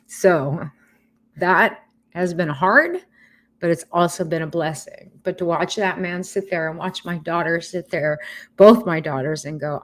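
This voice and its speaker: Frank, emotional middle-aged woman, lowish voice. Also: a little slow. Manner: frank and emotional, with casual swearing. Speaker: vlogger sharing a cancer journey. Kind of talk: candid personal update.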